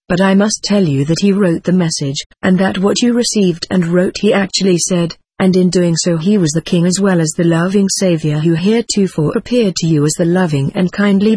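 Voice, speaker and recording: An earnest male apostle spirit, read aloud by a narrator in a formal, reassuring cadence. The voice is somewhat husky. The recording is close and dry. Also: mid-range voice, darkish tone, no echo, natural voice. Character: Saint John, earnest elderly apostle spirit. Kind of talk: reading channeled spirit letters aloud.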